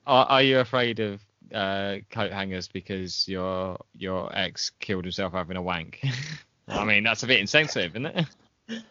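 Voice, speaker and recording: Laid-back podcast host, bright voice. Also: male voice, low-pitched, normal speed, smooth, no room sound. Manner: laid-back, hesitant, lots of ums. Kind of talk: casual comedy banter. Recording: dull muffled sound.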